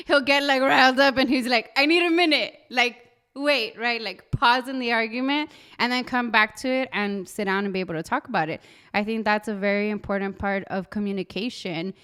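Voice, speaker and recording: A woman's voice: on the high side, clear, resonant tone. A young adult woman co-hosting a casual chat podcast, telling personal stories and acting out the dialogue. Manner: animated storytelling, acting out quoted dialogue. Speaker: podcast co-host.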